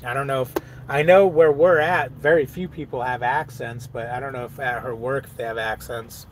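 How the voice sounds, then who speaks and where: A man's voice: mid-range voice, fairly even intonation, moderate pace, slight background noise. A middle-aged man, a truck driver, chatting casually on a live stream, reading viewer comments aloud, laughing often and riffing on them.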